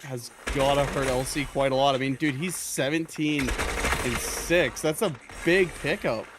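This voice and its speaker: A man's voice: mid-range voice, a little slow, noisy background. A man giving laid-back, analytical color commentary on an esports match. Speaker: esports co-caster.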